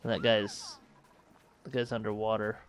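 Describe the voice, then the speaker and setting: A man's voice: fairly low pitch, flat delivery, normal speed, slight background noise. A man hosting a let's play, thinking aloud and correcting himself as he manages a space colony game. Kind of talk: casual gameplay commentary.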